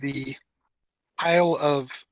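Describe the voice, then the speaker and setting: A game master running a tabletop role-playing game, speaking slowly and haltingly with many fillers. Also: medium pitch, fairly even intonation, no echo.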